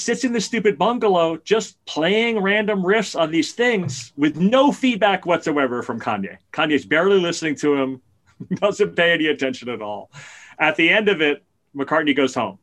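Animated storytelling man, slightly high voice. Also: moderate pace. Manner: animated storyteller, gets excited and loud at punchlines. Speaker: podcast co-host. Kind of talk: casual chat.

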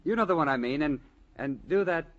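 A man's voice: on the high side, expressive, brisk, a bit bright, no room sound. An actor playing a theatrical, mocking man in a 1950s radio drama, talking in a campy sing-song and mimicking others. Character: theatrical, mocking man, a dancer's twin brother. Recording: dull old radio broadcast with music.

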